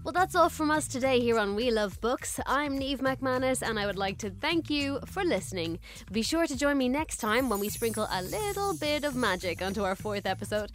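A woman's voice: a little high, lively intonation, moderate pace, soft background music. A woman hosting a children's book radio show in an upbeat way. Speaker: radio host.

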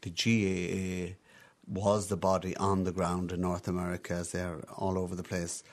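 A middle-aged man with an Irish accent and a very low voice, talking in an interview. He tells long, rambling anecdotes in a relaxed conversational way, often restarting his sentences as he goes. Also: normal speed. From Ireland. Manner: talkative, anecdotal, frequent restarts. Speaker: interview guest, emigrant bar owner. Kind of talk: reminiscing conversational storytelling.

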